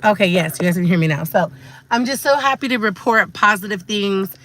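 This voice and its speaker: A woman's voice: mid-range voice, fairly quick, fairly bright tone, a little hiss or hum. A woman from California hosting a livestream, chatting gratefully and casually with her viewers. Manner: grateful, chatty, addresses viewers as you guys. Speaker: livestream host. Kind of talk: casual live chat to viewers.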